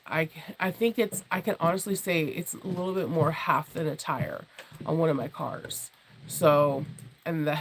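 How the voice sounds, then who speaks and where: A woman hosting a casual sewing livestream from home. She is losing her voice, so it sits deeper and husky, and she chats in a rambling way, full of restarts and laughs. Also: poor audio. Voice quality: low, husky tone she calls her jazz voice. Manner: rambling and chatty, with many restarts, fillers and laughs. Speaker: sewing channel host and sewing teacher. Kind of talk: casual livestream chat with viewers.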